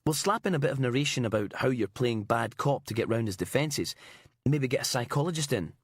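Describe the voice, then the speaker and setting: A man's voice: mid-range voice, expressive, brisk, husky, no room sound, clean studio sound. A man voicing a cheerful television cameraman who talks in an upbeat, breezy way. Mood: gleeful.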